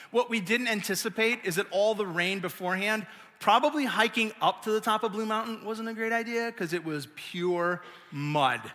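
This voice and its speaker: A middle-aged man giving a sermon as pastor, telling stories in an animated, self-mocking way. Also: sits high. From United States. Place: large church auditorium. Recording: long reverb of a church hall.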